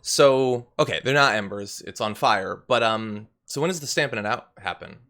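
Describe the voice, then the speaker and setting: A man hosting a political commentary show, conversational and exasperated, asking questions out loud. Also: on the low side, moderate pace. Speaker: host.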